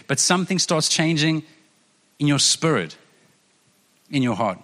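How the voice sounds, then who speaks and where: A man's voice: a little high, animated, moderate pace, long pauses, pushed and bright, big-room sound. A man preaching as a pastor, earnest and conversational, often repeating phrases for emphasis. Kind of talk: sermon.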